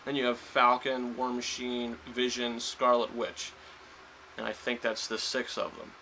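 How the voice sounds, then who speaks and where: A man's voice: mid-range voice, monotone, measured pace, pushed and bright, a little hiss or hum, low-quality recording. A man giving a casual spoiler review of a film, rambling with lots of fillers and restarts. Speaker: movie reviewer.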